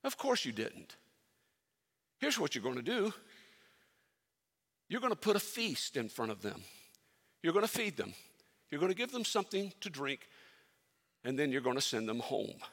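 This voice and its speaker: Man voicing an ancient prophet, commanding, calm, husky, gravelly edge, big hall reverb. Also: a little high, normal speed, pauses often, heavily acted. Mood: firm.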